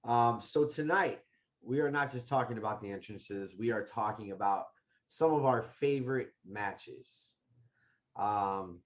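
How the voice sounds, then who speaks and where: A man's voice: fairly low pitch, muffled recording. A man hosting a casual wrestling podcast, reading sponsor spots loosely with fillers. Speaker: podcast host.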